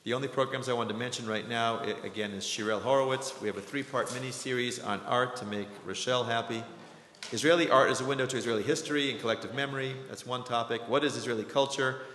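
A man's voice: mid-range voice, fairly even intonation, quick pace, a bit bright. A man hosting a community lecture, giving announcements and introducing the speaker in a chatty way, with joking asides and plenty of ums. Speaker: program host. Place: lecture hall with audience. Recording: echoey hall with faint noise.

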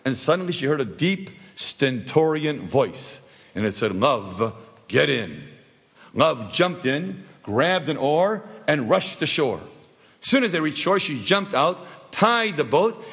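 A man's voice: a little high, a bit bright, breathy edge. A man teaching a class, telling anecdotal stories with jokes and asking the audience rhetorical questions. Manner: jokey, anecdotal. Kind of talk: storytelling lesson.

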